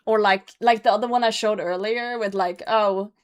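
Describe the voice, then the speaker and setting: A woman's voice: medium pitch, steady tone, fairly quick. A woman streamer chatting casually to her viewers. She swears freely, laughs often and flares into mock rants. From outside the US. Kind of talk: casual live-stream chat.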